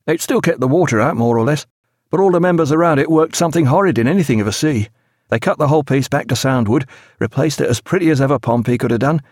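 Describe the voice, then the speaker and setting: An eager, loyal young naval officer reports in a brisk, cheerful voice, as a male reader puts him on. His voice sits a little above the narrator's own, with dry, close sound. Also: medium pitch, no room sound, pitched above the performer's own voice.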